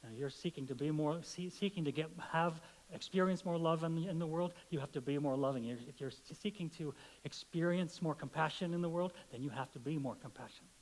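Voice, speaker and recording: A middle-aged male pastor with a slightly high voice gives a relaxed, conversational sermon. He tells stories with humour and acts out their voices. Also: a little fast, hardly any pauses, rough recording. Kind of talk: sermon with storytelling.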